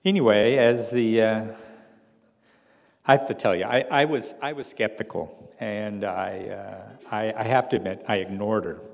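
A man's voice: fairly low pitch, fairly even intonation, a little slow, gravelly, big-room sound. A man telling a personal story to an audience with wry, dry humor.

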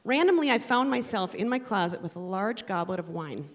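A woman's voice: mid-range voice, lively intonation, brisk, long reverb tail, heavy background noise. A middle-aged woman telling a wry, self-mocking comic story about raising her daughter.

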